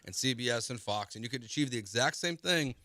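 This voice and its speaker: A man's voice: mid-range voice, lively intonation, fast talker, sharp tone, no room sound. A man co-hosting a sports talk radio show, emphatic and given to repeating himself.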